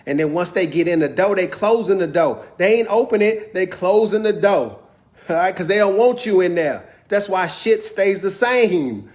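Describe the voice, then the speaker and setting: A man hosting a video, talking in an impassioned, preachy monologue with African American Vernacular English, repeating phrases for emphasis. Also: sits high. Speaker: video host.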